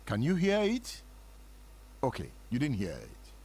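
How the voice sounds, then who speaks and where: A man's voice: medium pitch, wildly swooping pitch, measured pace, a little mellow, slightly rough. A man from Nigeria hosting a dramatic spoken history talk, with a sermon-like cadence and frequent rhetorical questions. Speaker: host.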